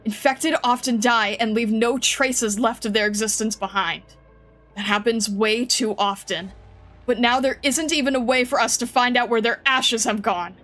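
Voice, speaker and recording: A woman's voice: on the high side, steady tone, normal speed, a bit bright, lightly acted. A woman voicing a stern young woman investigator who speaks coldly and accuses, over faint background music. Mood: accusing. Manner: cold and accusing, rising to anger.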